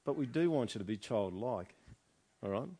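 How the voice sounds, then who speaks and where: A man's voice: medium pitch, animated, normal speed, warm tone, husky. A man preaching a chatty sermon in a church, often asking the congregation questions. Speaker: pastor. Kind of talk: conversational sermon.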